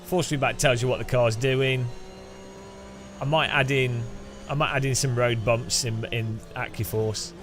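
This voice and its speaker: Slow-talking man streaming a game. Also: mid-range voice, fairly even intonation, a bit bright, faint music behind. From English Midlands. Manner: rambling, jokey, chuckles often. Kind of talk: casual live-stream commentary.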